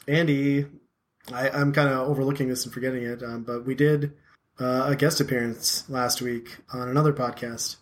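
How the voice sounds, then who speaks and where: A man's voice: mid-range voice, fairly even intonation, moderate pace. A man in his thirties hosting a casual podcast chat, rambling and self-deprecating with plenty of filler words. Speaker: podcast host.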